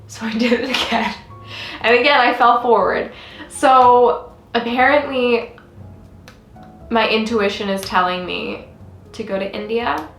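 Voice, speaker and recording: A woman's voice: fairly high pitch, unhurried, pauses often, fairly bright tone. A young woman vlogging in a casual, confessional chat, earnest and rambling with many fillers. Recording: roomy with faint music behind.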